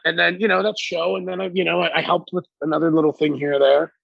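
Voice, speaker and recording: A middle-aged man, a podcast guest, telling animated stories with a lot of swearing and acted-out quotes. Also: a little high, fairly quick, creaky, breathy edge, dry recording. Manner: animated, profane, acts out quotes. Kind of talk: casual storytelling. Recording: dull lo-fi recording.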